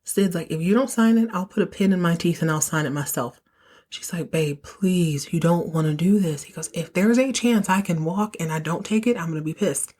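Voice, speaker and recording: A woman hosting a podcast, casually recapping a soap opera episode and acting out the characters' lines with animated, emotional storytelling. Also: lowish voice, a little fast.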